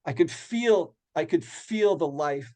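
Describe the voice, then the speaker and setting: A man's voice: a little high, lively intonation, slow, dark tone. Earnest man telling a personal story. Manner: earnest, vivid retelling. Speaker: guest speaker. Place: retirement community hall.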